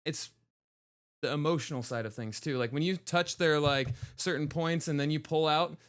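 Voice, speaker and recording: Man, podcast host, laid-back, lots of fillers, smooth clear voice, slightly high. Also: moderate pace, fairly bright tone. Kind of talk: casual interview chat.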